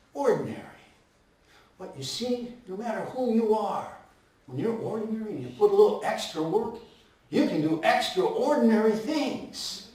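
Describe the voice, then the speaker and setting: A man's voice: high voice, a little mellow, far from the mic. Playful male storyteller in echoey hall. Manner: playful tongue-twisting, asides to the audience. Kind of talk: live storytelling performance. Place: storytelling festival venue.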